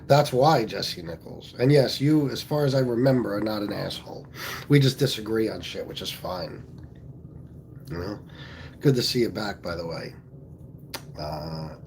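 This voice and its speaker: Against a noisy background, a Pennsylvania man with a fairly low voice hosts a casual livestream. He talks bluntly, swears plenty, and reads viewer comments aloud.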